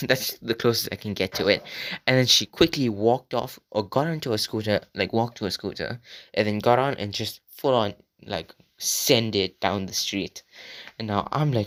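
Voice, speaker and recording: A young man with a somewhat low voice tells a story in a loose, rambling way, dropping "like" constantly and swearing freely. He talks straight to his viewers as he goes. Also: normal speed, a bit bright. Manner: rambling and profane, heavy filler words. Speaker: vlogger. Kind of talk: casual storytime monologue.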